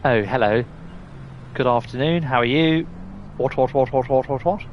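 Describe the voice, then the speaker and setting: A pompous upper-class English gentleman, all plummy vowels and lazy superiority, as a man hams him up in a slow drawl. He is a jokey impression dropped into a live game stream. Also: mid-range voice, dull audio, slight background noise. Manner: plummy drawl, exaggerated toff phrases.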